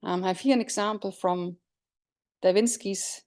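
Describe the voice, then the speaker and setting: A woman's voice: medium pitch, steady tone, moderate pace, noisy background. A woman lecturer giving an academic conference talk, explaining step by step with frequent fillers and self-corrections and asking the audience questions.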